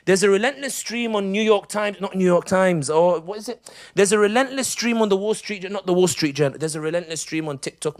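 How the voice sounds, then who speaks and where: A middle-aged man delivers a live speech in a fairly high voice. He tells stories animatedly and slips in comic asides. He speaks as a public speaker addressing an audience. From United Kingdom.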